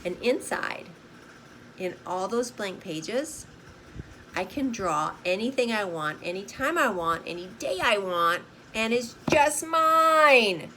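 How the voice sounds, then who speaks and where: A woman's voice: mid-range voice, animated, a little slow, sharp tone, slight background noise, rough recording. An older woman with grandchildren, chatting in a bubbly, casual way as she shows a simple art journal craft, repeating words like "super" and asking "right?".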